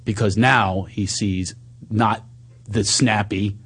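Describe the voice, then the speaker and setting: A man slowly and animatedly recounts a personal story in conversation, candid and with a breathy edge to his voice. Quotes of himself come out in higher voices, and tender moments pull him low and soft.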